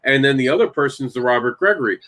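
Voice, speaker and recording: A man hosting a casual chat, telling long animated stories and addressing his co-hosts by name. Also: mid-range voice, fast. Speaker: podcast host and comic creator.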